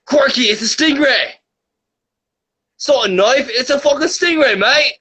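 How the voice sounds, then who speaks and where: A man putting on an impression of a loud, excitable Australian wildlife presenter, with a high, shouting, exaggerated Australian drawl. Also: measured pace, breathy edge, full character voice. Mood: excited. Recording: dull lo-fi mic.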